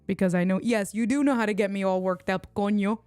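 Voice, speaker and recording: A woman's voice: medium pitch, fairly even intonation, fast talker, a little mellow, clean tone, dry recording, soft background music. A woman from Puerto Rico hosting a casual livestream unboxing at home, chatting and bantering with viewers in the chat. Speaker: tech livestream host.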